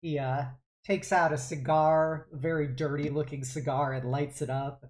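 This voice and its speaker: A game master narrates a tabletop scene, pausing often on fillers. The delivery is casual and hesitant. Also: mid-range voice, little pitch movement, darkish tone.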